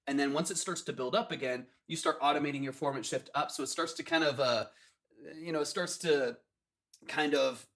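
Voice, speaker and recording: A man giving quick, technical, enthusiastic feedback on a song during a livestream chat, with plenty of fillers. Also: on the high side, a bit bright. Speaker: music producer giving track feedback.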